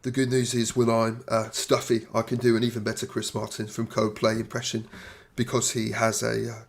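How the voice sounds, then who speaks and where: A man's voice: fairly low pitch, completely flat delivery, moderate pace, creaky. A man doing an impression of a stuffy, nasal English male rock singer, with a put-on English accent and a droll, mumbling delivery. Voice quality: snotty, nasal.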